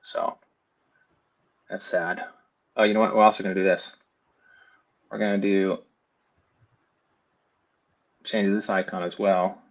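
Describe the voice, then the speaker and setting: Male tutor, low gravelly voice, muffled lo-fi mic, mutters through his steps. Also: little pitch movement, slow pace, long pauses. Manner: thinks aloud while building, talks to himself. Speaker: FlutterFlow trainer. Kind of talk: casual screen-share tutorial.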